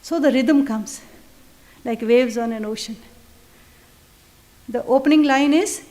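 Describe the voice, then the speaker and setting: A woman giving an earnest, reverent public lecture. She slows down to recite verse. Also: on the high side, mellow. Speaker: guest speaker. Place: lecture at a public affairs institute.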